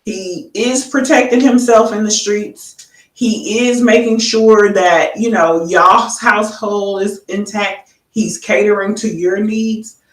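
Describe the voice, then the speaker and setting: A woman's voice: mid-range voice, steady tone, takes it slowly. A woman on a talk show panel, blunt and persistent, building long hypothetical scenarios. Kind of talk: casual panel debate. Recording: roomy sound, mic far off.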